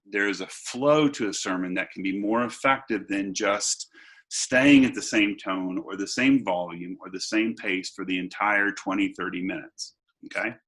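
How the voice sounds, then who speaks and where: Man, lowish voice, bright forceful tone, video-call seminar, conversational, fillers and restarts. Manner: conversational, pauses with fillers and restarts, stresses points. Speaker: seminar presenter and pastor. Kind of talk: online seminar lecture.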